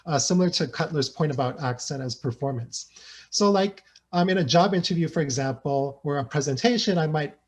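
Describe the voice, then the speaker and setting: A guest researcher, male, gives an academic presentation over a video call, thinking aloud with hesitations and frequently tacking on "right?" His voice sits on the high side and moves a little fast, and the tone stays conversational.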